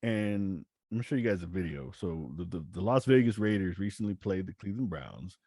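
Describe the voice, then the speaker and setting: A man's voice: low voice, fairly quick, breathy edge, dry recording, studio quality. A man hosting a podcast in casual chat, telling stories with energy and stumbling over restarts. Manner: animated storytelling, stammers on restarts. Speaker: podcast host.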